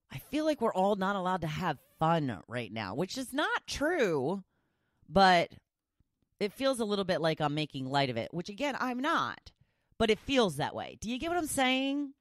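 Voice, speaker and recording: A woman's voice: lowish voice, big pitch swings, unhurried, dry recording, studio quality. A woman hosting a daily talk podcast, chatting casually and poking fun at herself. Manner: chatty, self-deprecating, rambling with restarts. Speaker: talk show host.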